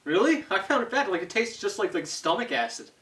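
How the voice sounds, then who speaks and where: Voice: mid-range voice, very animated, quick pace, sharp tone. Chatty, teasing co-host far from the mic. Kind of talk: casual chat while tasting candy. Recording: echoey room from far off.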